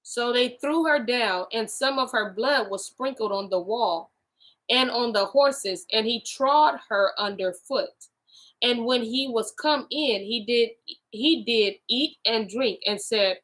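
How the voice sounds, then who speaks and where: A woman hosting a casual Bible study, reading scripture aloud slowly with restarts and slangy asides. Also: on the high side, fairly bright tone, rough recording.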